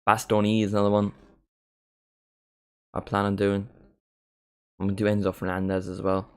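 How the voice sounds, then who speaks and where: On the low side and clean in tone, his voice moves at a moderate pace as he chats into a desk mic. He's a young livestream host running a match watchalong, relaxed and talkative, getting excited whenever a chance comes along.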